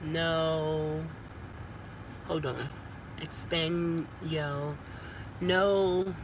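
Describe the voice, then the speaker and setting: A woman, chatting casually as a vlogger in a car, animated and stumbling over her words. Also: a little high, slow, noisy background. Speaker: vlogger and rideshare driver. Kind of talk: casual chat.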